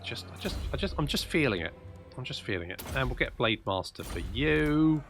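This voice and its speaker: A man's voice: medium pitch, lively intonation, a little fast, music in the background. A man commentating his own strategy game play, thinking aloud and muttering asides as he goes. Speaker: gameplay commentator.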